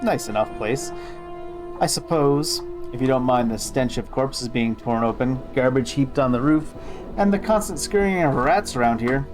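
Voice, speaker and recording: A man's voice: medium pitch, normal speed, music in the background, natural voice. A man voicing a sly, wheedling male street scavenger in a video game, folksy and calling people pet and dearie.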